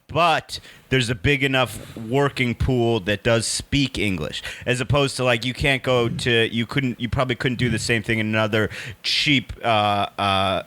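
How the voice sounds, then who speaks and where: A man's voice: mid-range voice, moderate pace, bright, forceful tone. A man co-hosting a comedy podcast, wry and chatty, who explains things at length and laughs a lot. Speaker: podcast co-host. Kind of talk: casual comedic banter.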